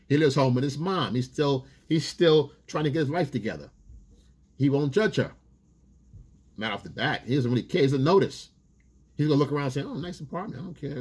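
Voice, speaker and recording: A man's voice: medium pitch, husky. A man, a dating coach, giving blunt, profane, casual advice in a loose street style.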